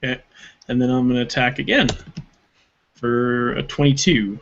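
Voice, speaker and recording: A man's voice: medium pitch, fairly even intonation, normal speed. A man playing a tabletop game, planning his moves aloud in a matter-of-fact way. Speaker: player. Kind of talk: casual tabletop game talk. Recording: muffled lo-fi audio with keyboard typing.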